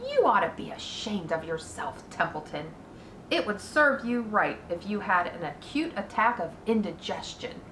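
A woman voicing a wise, stern female spider with a calm, scolding manner in a roomy echo. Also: medium pitch, moderate pace, a little hiss or hum, lightly acted.

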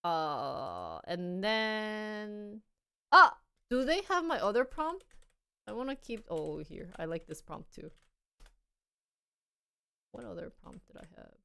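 Lively, smooth-voiced young woman streamer. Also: medium pitch, slow pace, pauses often. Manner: chatty, playful, thinking aloud while trying things out. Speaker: live streamer. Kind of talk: casual live-stream chat.

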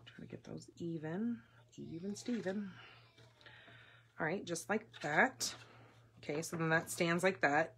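Woman host of a casual live craft class; chatty, excitable, slightly low-pitched. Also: a little hiss or hum. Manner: chatty, gushing, excitable with fillers. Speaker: papercraft demonstrator hosting a live class.

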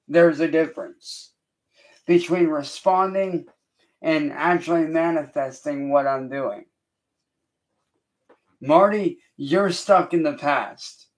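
A man on a livestream, lecturing a critic in a confrontational, defiant way and repeating himself slowly and deliberately. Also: fairly high pitch. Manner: slow, deliberate, repetitive lecturing. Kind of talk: livestream rant addressed to a critic.

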